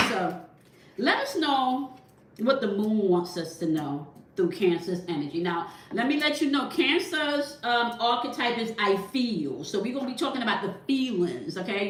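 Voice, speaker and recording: A woman giving a tarot reading who explains each point and checks in with "okay?" as she talks to viewers from her desk. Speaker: tarot reader. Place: at a desk indoors. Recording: echoey room, mic at a distance, faint rumble.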